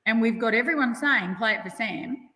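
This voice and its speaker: A woman guest chatting excitedly and emphatically, often laughing, about her own time on the show. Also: on the high side, moderate pace. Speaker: guest, former castaway. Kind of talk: casual chat. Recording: echoey room with long reverb.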